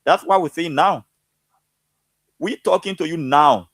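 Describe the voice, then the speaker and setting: A man's voice: on the high side, a little slow, a bit bright, no echo. A man speaking as a guest, fervent and preachy, stirred up and emotional. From Liberia. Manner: fervent, preachy, repeats himself. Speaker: guest commentator. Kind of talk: impassioned political talk.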